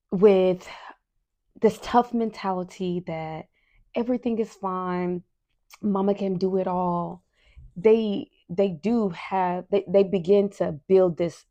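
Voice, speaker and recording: Gravelly, mellow-voiced woman talking candidly. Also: medium pitch, muffled recording. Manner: candid and emotional, with frequent fillers and soft asides. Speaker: podcast host. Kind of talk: casual personal talk.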